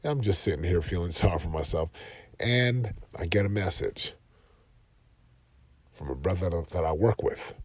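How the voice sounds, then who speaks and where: Earnest husky man preaching motivation. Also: low voice, lively intonation, moderate pace, long pauses, no room sound. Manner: earnest, builds to loud passionate emphasis. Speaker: podcast host and life coach. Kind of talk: motivational podcast monologue. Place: sitting in his car.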